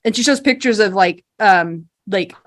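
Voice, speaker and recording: A woman's voice: medium pitch, animated, moderate pace. A woman narrating a tabletop game as game master, rambling casually with lots of fillers.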